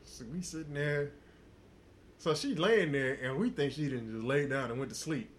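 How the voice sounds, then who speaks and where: A man tells a crude story in casual podcast talk. He swears constantly and breaks into laughter as he goes. His voice sits a little higher than most men's. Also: moderate pace, a little hiss or hum. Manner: profane, laughing often while telling a story. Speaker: podcast host.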